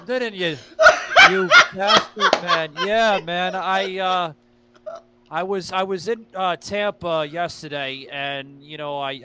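A man's voice: fairly high pitch, noisy background. A man hosting a podcast, telling stories in a rambling, profane way with lots of fillers. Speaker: podcast host. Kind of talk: casual podcast chat.

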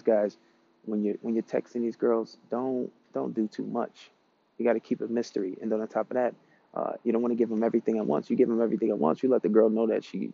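A man's voice: mid-range voice, creaky, mellow, slightly rough, lo-fi sound. A man giving dating advice in a casual, rambling monologue, blunt and profane as he tells stories.

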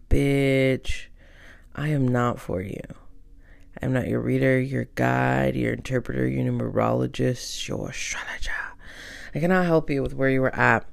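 A woman's voice: a bass voice, vocal fry, darkish tone. A woman hosting her own podcast, talking in a blunt, irreverent and chatty way, with plenty of ums along the way. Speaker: podcast host. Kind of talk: casual solo podcast talk.

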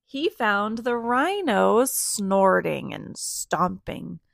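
A woman reads a picture book aloud to young listeners, animated and stopping to ask them for sound effects. Her voice is slow and gravelly, and the room is dry and close. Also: mid-range voice, no room sound. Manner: animated, asks children to join in with sounds. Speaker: storyteller reading to children.

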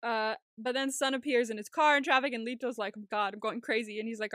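A woman's voice: a little high, fast, a bit bright, no room sound, studio quality. A woman co-hosting a podcast, casually recapping a show, laughing often and acting out scenes in different voices. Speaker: podcast co-host.

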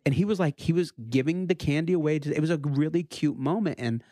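A man in his thirties, a pastor, telling a story in casual chat, his voice rising high when he quotes his children. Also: fast, no echo, clean studio sound. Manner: animated, rises high when quoting his kids.

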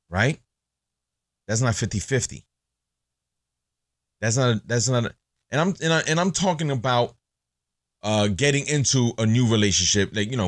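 Blunt, animated man on a podcast. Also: medium pitch, no room sound, clean studio sound. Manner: blunt, profane, animated storytelling. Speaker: podcast host. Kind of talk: casual monologue.

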